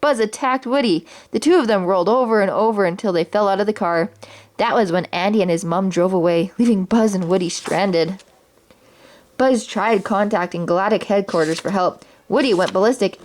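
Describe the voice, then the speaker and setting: A woman reading a children's storybook aloud with clear, steady narration. Her voice sits at an ordinary middle pitch for a woman. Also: moderate pace.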